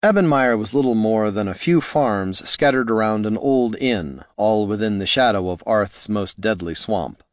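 A man narrating a fantasy novel in a steady, measured way. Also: on the low side, no room sound. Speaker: audiobook narrator.

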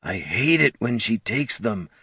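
A man's voice: lowish voice, big pitch swings, measured pace, bright, forceful tone, slightly rough, no room sound, far from the mic, exaggerated voice. A man voicing a huge, frantic troll who bellows and frets in anguish. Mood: fretful.

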